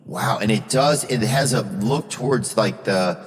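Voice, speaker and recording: A man's voice: fairly low pitch, measured pace, long reverb tail. A man hosting a podcast, telling a rambling story in casual chat and swearing freely. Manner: rambling, drawling storyteller who swears a lot. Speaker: podcast host.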